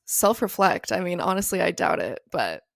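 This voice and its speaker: A woman's voice: on the low side, big pitch swings, normal speed, vocal fry, no echo, clean studio sound. A young woman co-hosting a casual podcast, chatting in an upbeat way. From Arizona, US. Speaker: podcast co-host. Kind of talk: casual chat.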